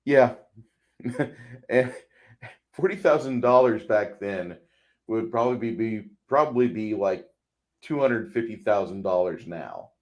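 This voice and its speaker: Low-voiced man rambling about a movie. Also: lively intonation, unhurried, long pauses. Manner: rambling, repeats words, acts out quotes. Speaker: podcast co-host. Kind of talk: casual movie chat.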